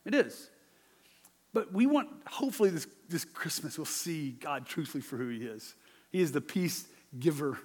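A man, a father, preaching a sermon in a conversational, animated way, swinging from loud emphasis to hushed asides. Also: on the high side, moderate pace, big-room sound. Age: adult father. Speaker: pastor.

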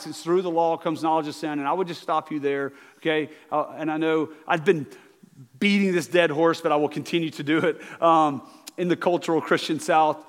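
A high-voiced man preaching in a church. His voice carries a long reverb through the big sanctuary. He talks earnestly and keeps checking in with his listeners. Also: steady tone, fairly quick. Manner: earnest, repeats words, asks okay to the congregation. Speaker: pastor. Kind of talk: sermon.

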